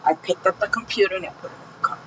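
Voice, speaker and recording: A woman's voice: on the low side, very fast, highs cut off, slight background noise. A woman telling her own painful story in a vlog, heated and profane, speaking with raw feeling. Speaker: vlogger recounting her own experience. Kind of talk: emotional personal storytelling.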